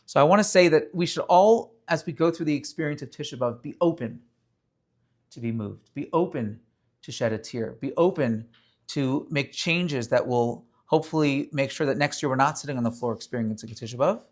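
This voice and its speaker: A rabbi giving an earnest, story-filled inspirational talk to a gathering during a prayer service. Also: male voice, mid-range voice, moderate pace. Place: room with a live audience.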